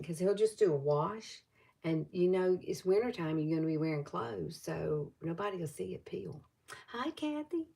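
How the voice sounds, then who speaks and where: A woman's voice: fairly low pitch, vocal fry, mellow. A woman over fifty with a Southern US accent, chatting loosely through a live makeup tutorial and greeting viewers as she goes. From Alabama.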